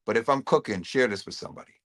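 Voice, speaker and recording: A middle-aged man talks casually to his livestream audience at an ordinary pitch. He often repeats and restarts words and reads viewer comments aloud. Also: lively intonation, rapid-fire. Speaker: host.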